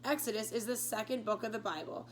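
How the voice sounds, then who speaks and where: A woman's voice: on the high side, fast, a little hiss or hum, natural voice. A woman voicing a practical, bookish boy who explains things steadily. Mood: steady.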